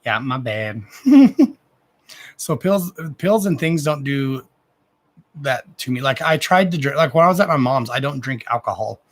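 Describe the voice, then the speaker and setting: A man's voice: medium pitch, animated, measured pace. A man in his thirties chatting casually on a live stream as a card reader, rambling, with frequent restarts and loose swearing. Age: 30s.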